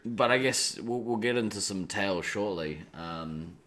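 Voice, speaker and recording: Male host, deep and slow, laid-back and weary, filler-heavy casual chat. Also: fairly bright tone. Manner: laid-back, tired, drawling with many fillers. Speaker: podcast host. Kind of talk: casual late-night podcast chat. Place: shared rental house, indoors.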